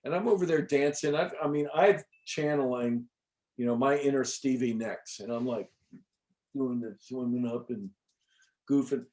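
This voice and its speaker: A middle-aged man, an interview guest, telling a personal story in a casual, animated way with many fillers and the odd swear word. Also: mid-range voice, normal speed. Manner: animated, chatty, frequent fillers and restarts. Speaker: interview guest recounting an experience.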